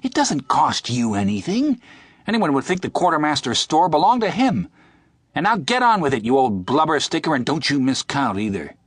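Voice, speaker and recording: Man doing a squeaky greedy young soldier. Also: moderate pace, a bit bright, breathy edge, dry recording, studio quality. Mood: taunting. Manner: gleeful, eager. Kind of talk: audiobook character voice.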